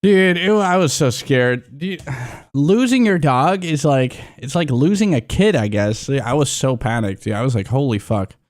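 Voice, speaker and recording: A man's voice: mid-range voice, normal speed. A young man chatting casually on a livestream, rambling and swearing freely. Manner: excitable, swears a lot, rambling.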